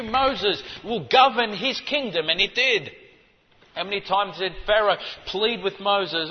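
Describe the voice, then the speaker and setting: A man preaching a sermon, teaching in an emphatic way and rising to forceful stresses. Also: sits high, unhurried. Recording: dull audio with long hall reverb.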